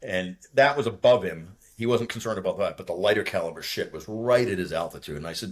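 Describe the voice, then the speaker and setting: A man in his sixties from near Boston, a retired fighter pilot telling a war story in casual, profane, rambling talk. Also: lowish voice. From from near Boston, USA. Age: 60s. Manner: rambling, profane, talks fast when nervous.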